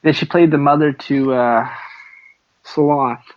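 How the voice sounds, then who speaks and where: A man's voice: on the high side, fairly even intonation, slow, highs cut off. A man co-hosting a casual podcast, joking and teasing his friend, rambling with fillers. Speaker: podcast co-host. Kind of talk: casual chat.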